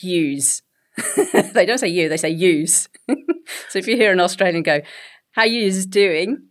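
A middle-aged woman with an English accent talks as an interview guest, her voice sitting a little low. She tells her stories in an animated, conversational way and laughs easily. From England. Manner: animated storytelling, laughs often.

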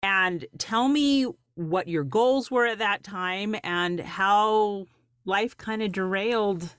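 A woman's voice: mid-range voice, slow pace, a bit bright, smooth, no room sound, studio quality. Earnest woman hosting a faith talk show. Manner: earnest, restarts words often.

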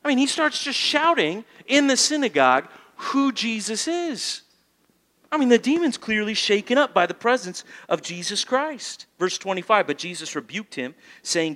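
A man preaching a sermon to his congregation, animated and asking the room questions. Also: on the high side, in a large hall. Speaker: pastor. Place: church sanctuary.

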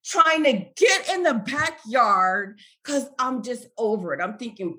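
A woman telling an emotional personal story as a guest. She moves between loud, animated retelling and quieter, reflective stretches. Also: fairly high pitch, normal speed.

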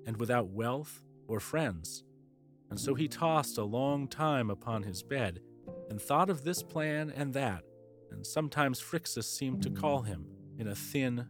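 A man narrating a classic fairy tale as the host of a storytelling podcast, in a measured storyteller's delivery. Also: medium pitch.

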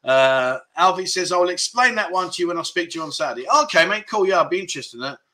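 A man with a fairly high, sharp-toned voice talks fast and animatedly while hosting a casual livestream chat. Chatty and full of fillers, he reads out viewer comments and talks about them.

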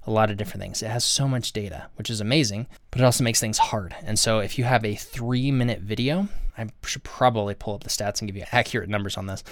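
On his own channel, a man with a fairly low voice offers earnest, chatty advice straight to the camera, frequently restarting sentences. He talks quickly with hardly any pauses, and the studio sound is clean with no echo.

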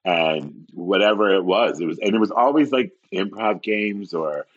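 A man, an actor and comedian, chatting as a podcast guest and telling animated stories with lots of laughter. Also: normal speed, highs cut off. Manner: animated storyteller, swoops high for quoted voices and laughs. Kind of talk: casual interview chat.

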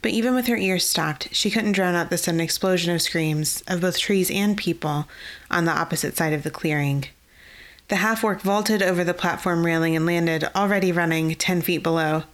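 A woman narrating a fantasy novel in a measured, even storytelling way. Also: on the low side. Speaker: audiobook narrator.

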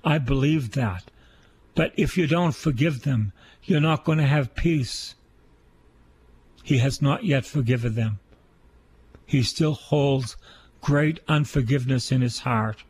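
A man's voice: mid-range voice, slow, long pauses, a little mellow. A man, a priest, giving an earnest sermon on scripture and repeating key phrases for emphasis.

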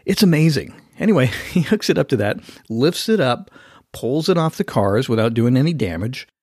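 A man hosting a podcast, telling a story in an animated, casual way and acting out the voices of the people in it. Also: mid-range voice, normal speed, dry recording, clean studio sound. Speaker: podcast host.

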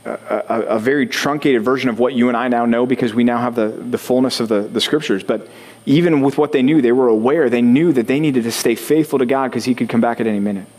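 A man's voice: mid-range voice, darkish tone. A man preaching a sermon as pastor, talking conversationally, putting questions to the congregation and building to rising intensity.

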